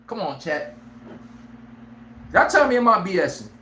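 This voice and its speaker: Brash, laughing live sports-stream host. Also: male voice, high voice, a little slow, reverberant, a little hiss or hum. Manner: brash, animated, laughs often, acts out players' lines. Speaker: sports talk show host.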